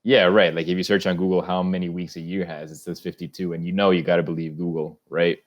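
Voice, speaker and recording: A man's voice: low-pitched, flat delivery, fast talker. A young man co-hosting a podcast, talking casually with rambling restarts and easy swearing. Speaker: podcast co-host.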